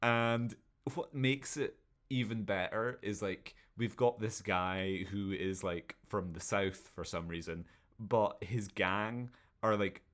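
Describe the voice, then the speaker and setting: A man from England with a fairly low voice co-hosts a casual film podcast. He talks in an animated, sweary way and keeps acting out the characters in mocking voices. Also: slow pace. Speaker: podcast co-host. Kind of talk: casual film review chat.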